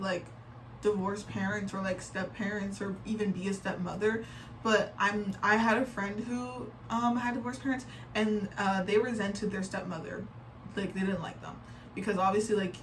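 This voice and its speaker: A young woman gives casual reaction commentary, chatty and quick to sound exasperated, with plenty of "like" filler. She sits some distance from the mic. A faint noise runs underneath. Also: medium pitch. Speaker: reaction video creator. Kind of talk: casual reaction commentary, reading posts aloud.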